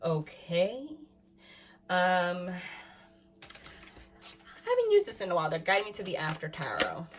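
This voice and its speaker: A woman giving a casual tarot reading to camera, excitable, often saying "freaking" and "like", swinging from calm talk to loud laughing outbursts. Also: on the low side, a little slow, long pauses, noisy background. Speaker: tarot reader.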